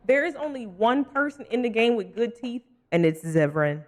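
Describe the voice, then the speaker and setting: A woman's voice: a little high, moderate pace, hardly any pauses. A woman streaming a game live, joking and laughing often in playful commentary.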